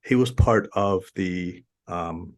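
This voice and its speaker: A podcast guest from Afghanistan talks in a fairly low male voice. He tells his stories with emphasis in a casual, conversational way. He often repeats words as he works his way toward a point. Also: slow pace.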